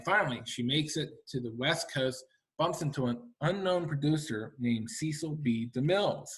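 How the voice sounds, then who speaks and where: A middle-aged man, an author and historian, giving a lively library lecture to an audience, chatty and full of rhetorical questions. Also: fairly high pitch. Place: library talk room.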